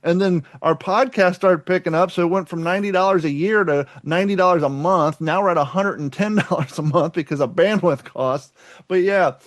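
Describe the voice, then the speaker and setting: A man's voice: high-pitched, a little fast, no echo. A man from Kentucky co-hosting a casual podcast, rambling, laughing often and swearing freely. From Kentucky, USA. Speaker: podcast co-host.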